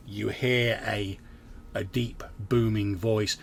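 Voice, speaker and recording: A man's voice: lowish voice, level tone, slow, slightly rough. A young man narrating a tabletop game as game master, casual and vivid, with lots of fillers.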